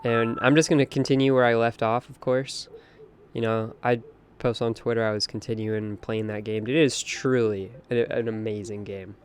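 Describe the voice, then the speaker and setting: A man's voice: mid-range voice, steady tone, moderate pace, slight background noise. A young man hosting a late-night game stream, chatting casually with an opinionated, talkative manner and reading out chat. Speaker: live-stream host. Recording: faint music behind voice.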